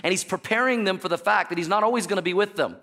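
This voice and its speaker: A pastor preaching a sermon in a church, animated and joking, and calling out to the congregation for answers. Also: male voice, sits high, fast talker. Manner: jokey storytelling asides. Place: church sanctuary.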